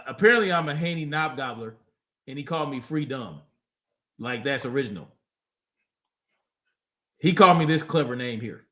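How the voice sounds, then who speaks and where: A man's voice: fairly high pitch, fairly bright tone. A man hosting a livestream, reacting to a clip with profane, mocking casual commentary. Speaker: livestream host.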